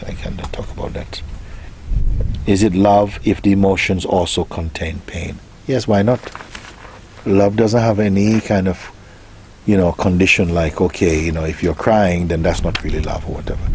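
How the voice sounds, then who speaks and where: A man giving a spiritual talk, soft-spoken and unhurried, musing gently with pauses as he answers a question. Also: low-pitched, a little hiss or hum. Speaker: spiritual teacher.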